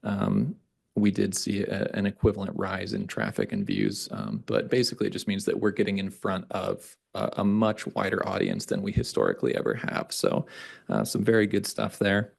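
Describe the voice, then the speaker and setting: A man's voice: on the low side, expressive, normal speed, creaky, husky. A young man giving a conversational report to a board meeting, with frequent ums and uhs. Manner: loose, conversational delivery with many ums and uhs. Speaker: communications staff presenting a report. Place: meeting room.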